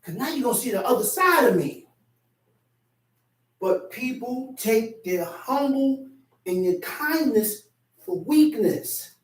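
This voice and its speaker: Preaching slowly with long pauses, a man speaks in a very high voice that swings widely in pitch. His sermon centers on a personal story in which he acts out each quoted voice. The distant mic picks up plenty of room echo.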